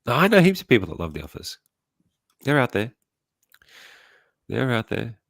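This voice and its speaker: A man's voice: medium pitch, huge pitch swings, normal speed, creaky, fairly bright tone, no room sound, clean studio sound. A man hosting a casual live chat about comedy, sounding congested from a sinus illness, laid-back and laughing often. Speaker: host.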